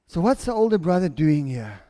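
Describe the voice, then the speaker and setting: A man's voice: a little high, sing-song, a little fast, warm tone. A South African man preaching a passionate, storytelling sermon as pastor.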